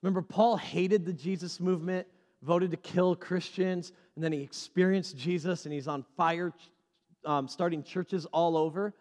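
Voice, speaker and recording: Animated preacher man in an echoey hall. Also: high-pitched. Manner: animated, repeats key phrases for emphasis. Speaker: pastor. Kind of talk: sermon.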